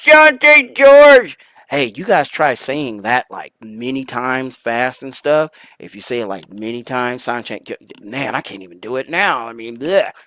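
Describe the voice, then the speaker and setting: A show host opening a podcast with exuberant shouting, crude jokes and rambling shout-outs. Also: medium pitch, no room sound. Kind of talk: loud rambling podcast intro.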